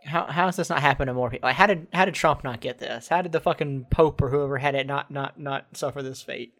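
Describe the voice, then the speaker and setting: A co-host chatting casually on a podcast, opinionated and quick to joke. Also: mid-range voice, a bit bright. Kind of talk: casual chat.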